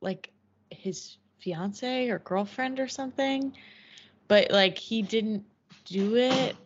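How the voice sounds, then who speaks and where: A woman's voice: fairly high pitch, slow pace, breathy edge. A young woman co-hosting a podcast in casual chat, hesitant and searching for her words as she recalls things. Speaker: podcast co-host. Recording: slightly dull lo-fi podcast audio.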